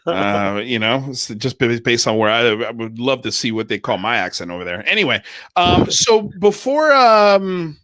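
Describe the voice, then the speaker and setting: A man's voice: mid-range voice, very animated, normal speed, fairly bright tone, no echo. A man hosting a livestream, talking loosely with lots of fillers and casual slang. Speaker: livestream host.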